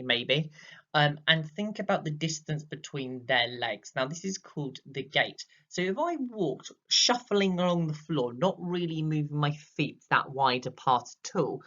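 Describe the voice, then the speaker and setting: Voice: mid-range voice, animated, unhurried, fairly bright tone, lo-fi sound. A drama teacher giving a recorded lesson, explaining patiently with many fillers and acting out examples.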